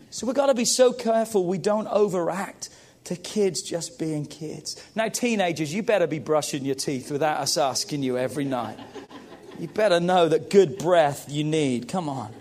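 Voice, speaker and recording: A middle-aged man preaches with a high-pitched voice. He is emphatic, repeats key phrases and calls out to his listeners as he presses each point. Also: normal speed, darkish tone. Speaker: pastor. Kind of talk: sermon.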